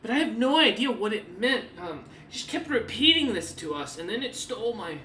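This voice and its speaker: A man voicing a nervous, tearful noblewoman who talks in halting bursts full of ums. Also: sits high, very animated, sharp tone, roomy sound, distant mic, slight background noise, pitched above the performer's own voice, heavily acted. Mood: fretful.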